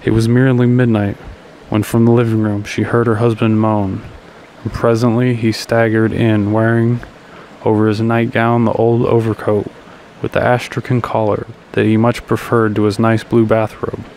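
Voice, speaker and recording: A man narrating a literary short story in a measured, even reading with occasional slips. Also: lowish voice, a little hiss or hum, rough recording. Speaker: audiobook reader.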